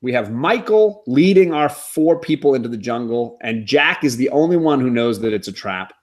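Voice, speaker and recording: A man hosting a casual TV recap chat, talking in an animated, wry way with quick asides. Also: mid-range voice. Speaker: podcast host.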